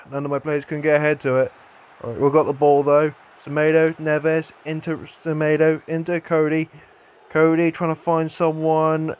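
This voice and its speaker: Brief: young gamer, high voice, lively commentary with frustrated outbursts. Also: male voice. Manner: excitable, swings into frustrated rants and shouts. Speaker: gaming YouTuber. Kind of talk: live gameplay commentary.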